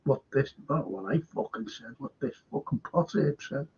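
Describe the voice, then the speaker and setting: A man's voice: medium pitch, animated, moderate pace, darkish tone, husky. A man hosting a fan football show, ranting heatedly and swearing constantly as he repeats himself. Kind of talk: angry ranting talk-show monologue. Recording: dull lo-fi sound.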